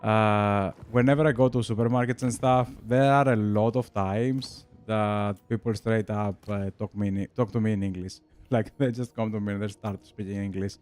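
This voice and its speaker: Low-pitched and darkish, his voice holds a steady tone at a moderate pace with few pauses. He's a young man from Greece, Greek-accented, chatting easily with viewers while streaming a strategy game, laughing a lot and addressing the chat as "bro."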